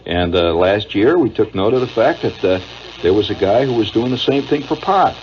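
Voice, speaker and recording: A middle-aged radio host with a Midwestern American accent delivers a wry, digressive monologue, chuckling and full of uhs. His voice is lowish and darkish in tone, expressive, at normal speed, heard through a dull lo-fi old radio broadcast with faint hiss.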